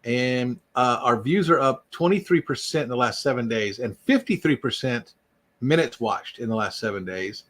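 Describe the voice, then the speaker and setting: A man's voice: mid-range voice, expressive, normal speed, a bit bright. A man hosting an unscripted livestream, rambling and joking as he greets viewers by name. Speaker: YouTube livestream host. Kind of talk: casual unscripted live chat.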